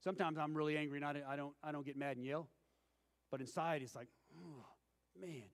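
A man preaches a sermon, leaning on homespun stories and acting out what people said. His voice sits a little high for a man. The sound carries a long reverb, as in a large hall. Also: fairly even intonation, fast. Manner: folksy storytelling with acted-out quotes.

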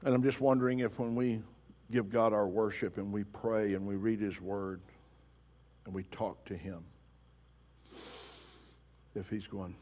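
A man's voice: on the low side, steady tone, measured pace, long pauses, darkish tone. A man preaching a sermon as pastor, emphatic and pressing his congregation with pointed questions. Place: church sanctuary. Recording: long reverb of a large hall.

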